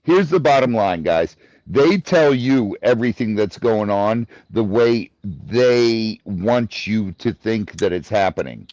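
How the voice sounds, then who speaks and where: A man's voice: fairly low pitch, lively intonation, takes it slowly, darkish tone, dry recording, muffled recording. A man from Ohio chatting on a podcast, emphatic, repeating his points and saying dude. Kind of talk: casual chat.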